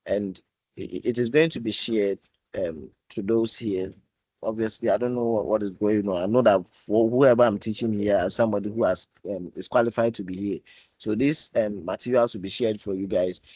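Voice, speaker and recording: A man teaching a live online programming class, halting and repeating words as he coaxes and teases his students. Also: on the low side, a little mellow, slightly rough, no echo, rough recording. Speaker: programming instructor.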